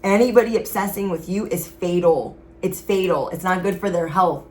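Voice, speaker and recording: A woman's voice: on the low side, moderate pace, darkish tone. A woman giving a casual tarot reading, speaking straight to her viewers in an emphatic, sassy way. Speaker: tarot reader.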